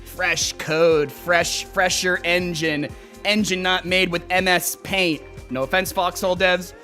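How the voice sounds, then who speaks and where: A man's voice: high-pitched, steady tone, measured pace, sharp tone, soft background music. A young man livestreaming, chatting casually and rambling, swearing freely as he reacts to clips and reads chat. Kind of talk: casual live-stream chat.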